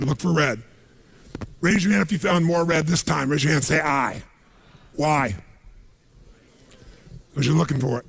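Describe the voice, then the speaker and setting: A man with a raspy voice giving a punchy, emphatic seminar speech to a live audience and firing questions at them. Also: sits high. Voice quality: raspy, gravelly. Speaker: motivational speaker.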